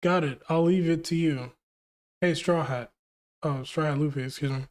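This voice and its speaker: A man's voice: fairly high pitch, normal speed, darkish tone. A young man hosting a live manga reaction, reading lines aloud and reacting in hyped, slangy bursts. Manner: hyped, slangy, reads quotes then reacts.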